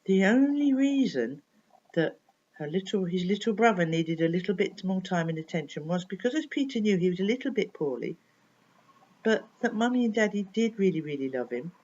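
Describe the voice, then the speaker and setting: Expressive woman telling a children's story. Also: fairly low pitch. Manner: expressive, addressing the listener with questions. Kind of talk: bedtime story reading for children. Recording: dull lo-fi recording.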